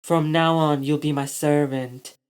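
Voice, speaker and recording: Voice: mid-range voice, level tone, measured pace, darkish tone, clean tone, natural voice. A storyteller voicing a scheming young girl who turns villain, with breathless, menacing threats. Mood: cold.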